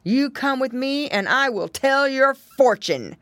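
Brief: woman doing a greedy storybook bear, big and black, booming and higher than her own voice, very lively. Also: unhurried, no echo. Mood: gruff. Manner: loud growling boasts.

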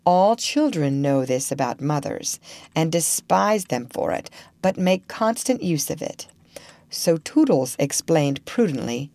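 A woman reading a storybook aloud in a slow, expressive manner as narrator. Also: low voice, dry recording.

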